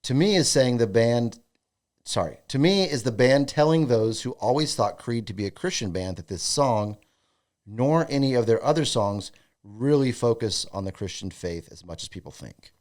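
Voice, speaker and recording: A man's voice: mid-range voice, animated, normal speed, a little mellow. A man co-hosting a comedy podcast, joking around in casual chat and reading listener comments aloud. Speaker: podcast co-host.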